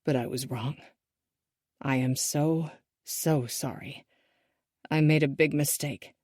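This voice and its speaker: A woman voicing a remorseful father who pleads softly through tears. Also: low-pitched, steady tone, measured pace, no room sound, clean studio sound. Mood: regretful. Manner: soft, pleading, regretful. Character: remorseful middle-aged father, tearful and pleading.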